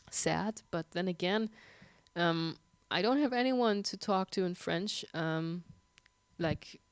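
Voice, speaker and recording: A woman's voice: on the low side, smooth, no echo. German woman chatting while sick. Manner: chatty, laughs often, many ums. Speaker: livestream host and guitarist. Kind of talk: casual chat reading viewer questions.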